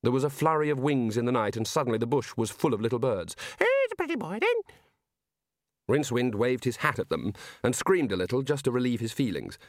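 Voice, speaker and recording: A man reading a novel aloud as an audiobook narrator, in measured storytelling. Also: mid-range voice, expressive, no echo, studio quality. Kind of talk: scripted narration.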